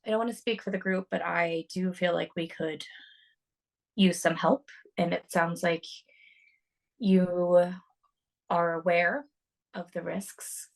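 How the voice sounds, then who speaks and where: A woman's voice: fairly low pitch, fairly even intonation, takes it slowly, gravelly, long pauses. A woman playing a tabletop game, speaking in character in a hesitant, rambling way. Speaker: player.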